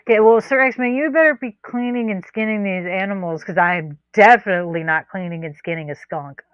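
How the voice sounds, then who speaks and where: A woman co-host rambles through casual podcast chat, laid-back and quick to chuckle. Her mid-range voice sounds muffled and lo-fi, with no room echo at all. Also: medium pitch. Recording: dull lo-fi dry sound.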